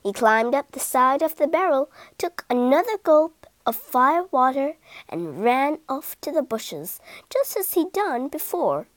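A woman reading an animal story aloud for English learners, in a slow, clear and expressive way. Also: high-pitched, dry recording.

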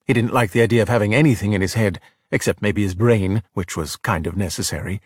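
A man narrating a children's storybook in an expressive, animated way. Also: on the low side, fast talker, husky, no room sound, clean studio sound. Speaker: audiobook narrator. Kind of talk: storybook reading.

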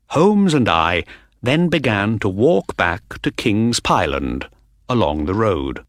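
A man narrating a story for learners in a slow, clear storytelling manner. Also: on the low side, sing-song, no echo, clean studio sound. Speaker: audiobook narrator.

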